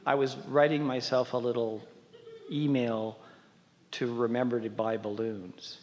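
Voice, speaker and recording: A man speaking haltingly from the stage of a workshop, pausing and restarting as he looks for his words. His mid-pitched voice rings in the hall, with a long reverb behind it. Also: little pitch movement, a little mellow, slight background noise. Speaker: audience member on stage. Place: large hall at a live workshop.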